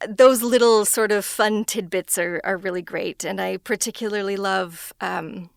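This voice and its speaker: A woman's voice: steady tone, a little slow, gravelly, no echo, clean studio sound. A woman voice actor chatting in an interview, talking freely and laughing often between thoughts. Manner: self-described higher-pitched voice. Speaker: voice actor guest. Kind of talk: casual interview chat.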